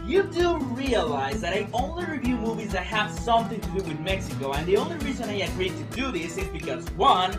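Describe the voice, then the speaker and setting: A man reviewing a movie in a comedic, exasperated, animated way. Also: high voice, brisk, few pauses, distant mic, over loud music. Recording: roomy echo.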